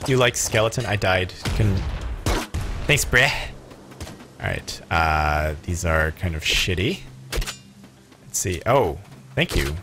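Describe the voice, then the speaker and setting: Casual male streamer, animated and profane, talking over loud game music and gunfire. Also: low-pitched, takes it slowly, long pauses. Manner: excitable, swears, jokey, bursts into yells. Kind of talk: casual gaming commentary.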